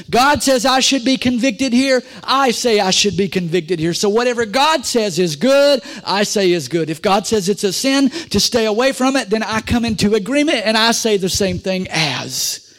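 High-voiced preaching man. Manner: call-and-response preaching, swings from loud to quiet. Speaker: pastor. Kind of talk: sermon.

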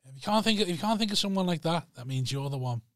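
Fast-talking blunt comedian. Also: male voice, on the high side, expressive, no room sound, studio quality. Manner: blunt, sweary. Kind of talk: casual podcast chat.

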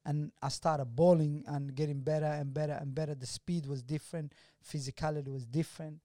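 A man from Australia, a basketball player, telling stories from his career in an animated, casual interview chat. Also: a little high, brisk, no room sound, clean studio sound.

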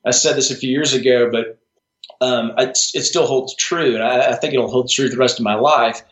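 Speaking at a moderate pace with fairly even intonation and a medium pitch, this man is a strengths coach being interviewed on a podcast. His casual, thoughtful delivery features frequent restarts and asides, captured in a roomy, dull lo-fi recording.

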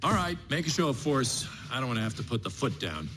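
An actor playing the anger of a middle-aged father, a gruff, hot-tempered figure barking orders in an animated film. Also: mid-range voice, fast talker, a little hiss or hum. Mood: commanding. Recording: film clip over music.

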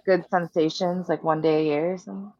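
A woman's voice: on the low side, fairly even intonation, a little fast, darkish tone, dull audio. A woman co-hosting a casual podcast, dropping dry wisecracking remarks. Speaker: podcast co-host.

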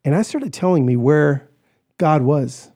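Man, podcast guest, animated storytelling, slightly high voice, mellow tone. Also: unhurried. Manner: animated, acts out quoted voices, shouts in retelling. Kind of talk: personal storytelling.

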